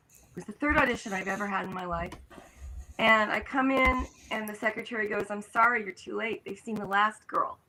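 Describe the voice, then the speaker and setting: An older actress tells stories in an interview, animated and vivid. She acts out the voices of the people she quotes. Her tone is bright and forward. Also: medium pitch, a little hiss or hum, poor audio. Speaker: guest actress. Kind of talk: storytelling in an interview.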